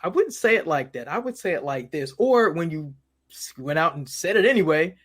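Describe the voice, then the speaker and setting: A man's voice: fairly high pitch, fairly quick. A man as an interview guest, talking casually and acting out the voices of people in his stories, often repeating words as he goes. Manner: animated storyteller who acts out quoted voices, repeats words.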